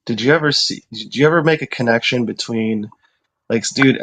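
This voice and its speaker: A man co-hosting a casual podcast, telling jokes in a halting way full of restarts. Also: mid-range voice, fairly bright tone, rough recording. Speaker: podcast co-host. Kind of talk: casual chat.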